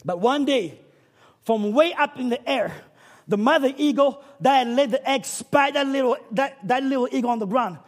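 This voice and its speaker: A man preaches in a very high, husky voice. He swings between hushed stretches and loud, shouted peaks as he drives his sermon home. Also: moderate pace. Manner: builds to shouting, dramatic swings in delivery.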